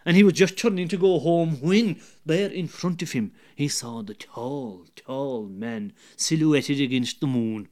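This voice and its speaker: A man with an Irish accent telling a folk tale, lively and dramatic, dropping to hushed asides. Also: a little high, a little slow, few pauses. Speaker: storyteller.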